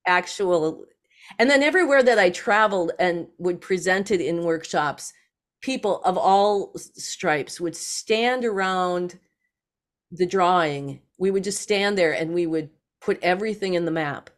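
Woman guest on a podcast, lowish voice, gets lively acting out what people said. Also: unhurried. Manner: animated, acts out others in lively quotes. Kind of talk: storytelling in a podcast interview.

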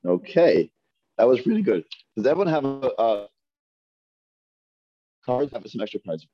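A man's voice: medium pitch, big pitch swings, normal speed, dull audio. A man teaching a Hebrew reading class, patiently sounding out syllables one by one for his students. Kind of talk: classroom lesson. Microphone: earpiece mic.

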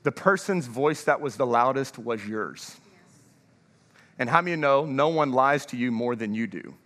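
A male pastor giving an energetic sermon in a large church, drawing the congregation to answer back. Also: mid-range voice, moderate pace, big-room sound. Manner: energetic, calls for congregation response.

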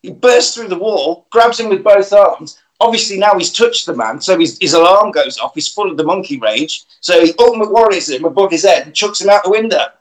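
A man's voice: high-pitched, expressive, a little fast, few pauses, poor audio. A man casually recapping a film plot, swearing and acting out the characters' lines.

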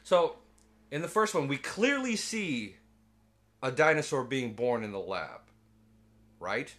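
A man recapping a film in a loose, joking chat, his bright voice swinging widely in pitch. He keeps breaking into high put-on voices for the characters and swears casually as he goes. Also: sing-song, slow. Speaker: podcast co-host.

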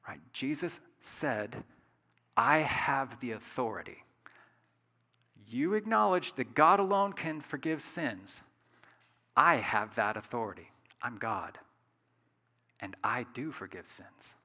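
A pastor delivers his sermon in a lively, conversational way, pressing points home and checking in with rhetorical questions. His voice sounds bright and forward. A long reverb trails behind him, as in a large hall. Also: mid-range voice, slow. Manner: conversational, emphatic, asks the audience rhetorical questions.

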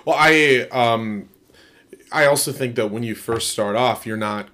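A man's voice: medium pitch, a little slow, sharp tone. A man hosting a comedy podcast, easygoing and chatty, asking open questions and nodding along with "yeah.". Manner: easygoing, asks open questions, lots of backchannel. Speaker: podcast host. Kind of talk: casual podcast chat.

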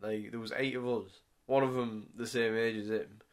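A man's voice: medium pitch, steady tone, normal speed. Laughing, sweary young man. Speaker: podcast co-host. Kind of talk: casual chat.

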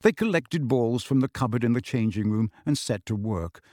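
A man giving steady, even storybook narration as an audiobook reader. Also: medium pitch, normal speed, no echo, clean studio sound.

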